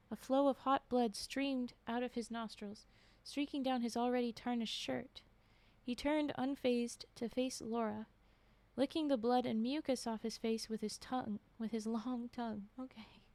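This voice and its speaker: A woman's voice: on the high side, a little mellow, dry recording. Woman streamer reading creepypasta aloud. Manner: breaks off to react and comment. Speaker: streamer reading horror stories.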